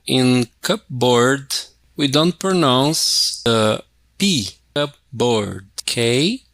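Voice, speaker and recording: Guy teaching english, super slow, gravelly, dry close mic. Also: mid-range voice, fairly bright tone, dry recording. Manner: thinks aloud, repeats words. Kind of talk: casual classroom walkthrough.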